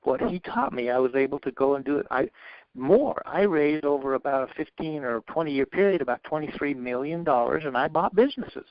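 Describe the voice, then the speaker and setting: Animated storytelling man, dry sound. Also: on the high side, fairly quick, no echo. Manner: animated, acts out both sides of past dialogues; earnest, faith-driven motivational tone. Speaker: interview guest telling his success story. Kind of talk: conversational interview storytelling. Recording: dry, slightly dull lo-fi recording.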